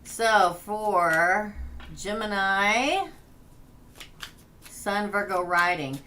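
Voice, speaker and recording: Bright-voiced chatty woman tarot reader. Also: medium pitch, animated, drawn-out words, slight background noise. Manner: chatty, laughing, reading names off a list. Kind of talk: casual livestream chat.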